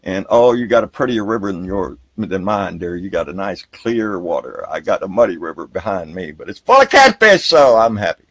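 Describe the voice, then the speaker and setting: A man hosting a live political talk show outdoors by a river, ranting heatedly and with plenty of profanity, then brightening to greet viewers by name. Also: low voice, big pitch swings, fairly quick, few pauses, husky, no echo. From Texas. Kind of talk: live political rant and viewer shout-outs.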